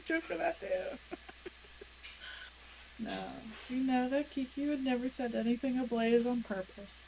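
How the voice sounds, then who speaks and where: A woman's voice: high-pitched, unhurried, creaky, slight background noise, low-quality recording. A woman with a New Jersey accent, chatting casually and laughing a lot with friends before a tabletop game. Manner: laughs a lot, playful and loud. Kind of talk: casual chat between game sessions.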